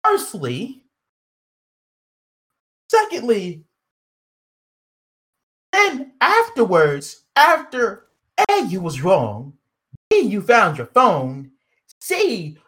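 A woman's voice: on the high side, huge pitch swings, extremely slow, pauses often, a bit bright. A woman ranting in heated casual commentary, profane, indignant and emphatic.

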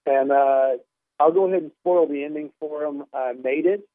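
Male comic guest, wry and lively storyteller, somewhat high voice, dry phone-line sound. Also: moderate pace, no echo. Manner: animated, wry storyteller who plays out dialogue. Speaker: comedian guest. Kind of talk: conversational storytelling.

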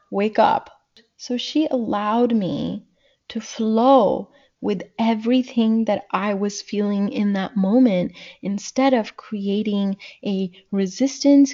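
A woman in her thirties speaks as a guest in a casual podcast talk, earnest and reflective, stretching words for emphasis. Her voice has a gravelly fry and sits at a middle pitch. The recording is dull and lo-fi. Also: dark tone. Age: 30s. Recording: dull lo-fi sound.

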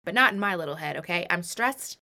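A woman in her twenties telling a personal story in a casual, animated, self-mocking way, with many rambling asides. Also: lowish voice, brisk. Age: 20s.

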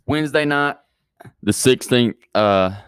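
A man's voice: mid-range voice, slow, a bit bright, clear, resonant tone, no echo, studio quality. A man hosting a youth church podcast, rambling with many fillers and restarts, then praying. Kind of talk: casual chat and prayer.

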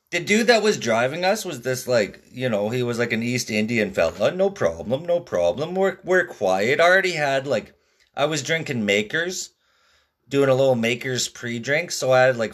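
A man's voice: mid-range voice, expressive, normal speed, fairly bright tone. A man hosting a podcast from Canada, telling stories in a profane, laid-back way. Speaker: podcast host. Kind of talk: casual rambling monologue.

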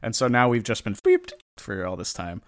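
A man's voice: on the low side, huge pitch swings, normal speed, clean tone, no room sound, studio quality. A man chatting casually on a podcast, retelling a comic story with lots of fillers and acted-out lines. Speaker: podcast host recapping a comic. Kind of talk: casual chat.

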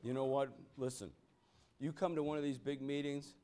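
A man's voice: medium pitch, little pitch movement, normal speed, dark tone. Man, Bible study leader, emphatic preaching, rhetorical questions, exclamatory bursts. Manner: emphatic, keeps asking "you know what?", exclamatory bursts. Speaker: church meeting leader.

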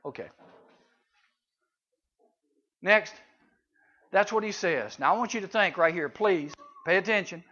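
A man preaching a conversational sermon to junior high students, swinging between loud and hushed, on a dull lo-fi recording. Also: animated, normal speed. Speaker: youth preacher.

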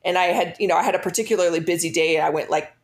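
A woman's voice: on the low side, rapid-fire. Woman, casual storytelling chat, rambling, fillers and restarts.

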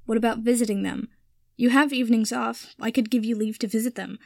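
A woman's voice: on the high side, steady tone, brisk, gravelly, dry recording, studio quality. Woman reading as an upset young wizard. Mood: earnest.

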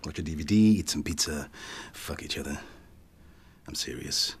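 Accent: put-on transatlantic twang. Figure: a crude brash boss. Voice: deep, very husky. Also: male voice, fairly even intonation, moderate pace, sharp tone, exaggerated voice. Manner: crude, brash, blunt swearing. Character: crude swaggering middle-aged male boss. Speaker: sitcom character.

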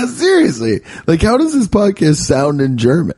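A man's voice: on the high side, a little mellow, a little hiss or hum. A man hosting a podcast, joking around in casual banter and laughing often while reading sponsor plugs. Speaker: podcast host.

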